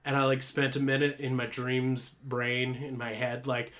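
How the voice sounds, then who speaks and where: A man's voice: mid-range voice, completely flat delivery, measured pace, fairly bright tone. A young man co-hosting a podcast, telling a story in a rambling, casual way with swearing and laughter. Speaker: podcast co-host.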